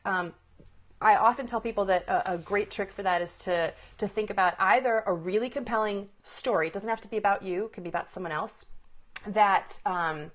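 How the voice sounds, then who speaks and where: An upbeat woman talks straight into her phone during a live coaching stream. Her pitch sits in a middle range for a woman. She keeps it loose and conversational, laughing easily and tossing in "right?" as she explains. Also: brisk. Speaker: presentation coach. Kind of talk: live-stream teaching talk.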